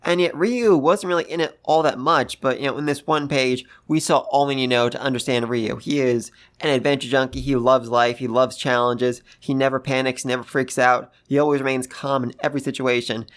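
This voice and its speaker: A host giving a casual, gushing review of a manga chapter, talking excitedly and repeating phrases for emphasis. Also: medium pitch, brisk, hardly any pauses. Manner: gushing, excitable, gasps and laughs. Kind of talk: casual commentary.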